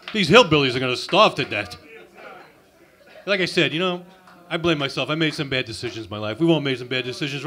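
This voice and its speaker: A man working an open mic stage with a crude, abrasive insult routine. His voice sits a little high for a man, and he talks sarcastically into a handheld mic. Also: pushed and bright. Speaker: stand-up comic. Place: comedy club open mic.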